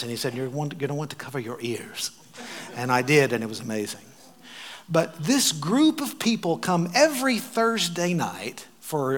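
An American man telling travel stories in a sermon, animated and wry, with dry asides. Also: fairly high pitch. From United States. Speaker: preacher. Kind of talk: sermon storytelling.

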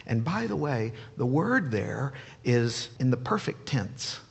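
A male pastor delivers a sermon with animated, playful energy and frequent rhetorical questions. His voice is husky at mid pitch. A long church reverb trails every phrase. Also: takes it slowly.

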